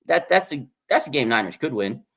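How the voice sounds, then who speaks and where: A man hosting a live fan reaction stream in a casual, excitable way, laughing and ranting with his voice jumping up when he gets hyped. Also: medium pitch, a little fast, vocal fry. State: has a bloody nose. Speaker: sports fan livestream host.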